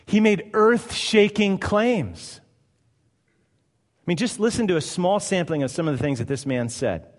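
A man's voice: on the high side, animated, fast talker, darkish tone. A male pastor delivering a sermon, emphatic and conversational, firing off rhetorical questions. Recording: long hall reverb.

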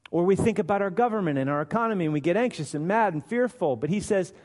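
Preacher in a reverberant hall. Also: male voice, high voice, lively intonation, fast. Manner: acts out quoted voices, swings from loud to hushed. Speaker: pastor. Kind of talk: sermon.

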